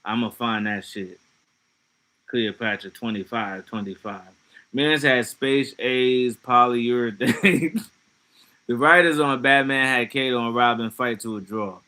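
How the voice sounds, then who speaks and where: A man chatting casually on a livestream, reacting to comments with loose, profane talk and laughing asides. His voice sits at an ordinary pitch for a man with a bright, edgy timbre. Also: a little slow.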